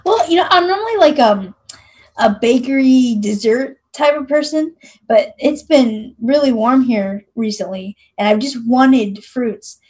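A woman's voice: high-pitched, lively intonation, measured pace, a little mellow, low-quality recording. A woman from Ohio co-hosting a casual chat, upbeat and laughing easily. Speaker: podcast co-host.

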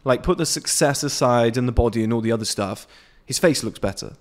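A men's self-improvement vlogger in his late twenties delivers an unscripted motivational rant to camera from his patio outdoors, blunt and swearing freely. His voice is medium-pitched and brisk.

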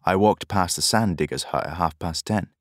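A man voicing a tired old grey-haired fisherman who speaks in a slow, soft mutter, in an audiobook. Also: sits low, dry recording, studio quality, close to an everyday voice. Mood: weary.

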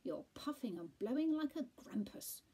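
Woman reading as a posh know-it-all tomcat, clipped and firm, husky and mellow. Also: fairly high pitch, big pitch swings, moderate pace, pitched above the performer's own voice. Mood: firm advising. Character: posh clever male Persian tomcat.

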